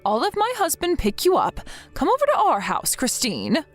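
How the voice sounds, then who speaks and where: A woman's voice: high-pitched, huge pitch swings, moderate pace. A woman reading the lines of a worried mother-in-law who scolds her son, in a scripted text-message story. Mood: soothing. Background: faint background music.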